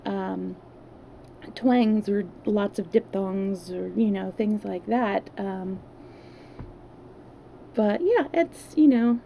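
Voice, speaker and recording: A woman with a Californian accent chats in a rambling way and reads a novel aloud on a livestream. Her voice is mellow, with a gravelly edge. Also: mid-range voice, slow, long pauses, slight background noise. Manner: chatty, rambling, many fillers. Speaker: livestream storyteller. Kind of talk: casual chat and read-aloud.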